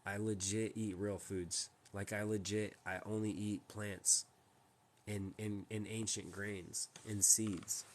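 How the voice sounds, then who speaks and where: A man's voice: on the low side, little pitch movement, takes it slowly, a little hiss or hum. A man hosting a casual live stream from home, talking in a rambling, emphatic way with many restarts. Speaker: livestream host.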